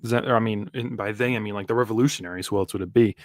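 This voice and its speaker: A man's voice: fairly low pitch, steady tone, rapid-fire, no echo, studio quality. A man streaming a live reaction, rambling casually with lots of fillers and restarts. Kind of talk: live manga reaction commentary.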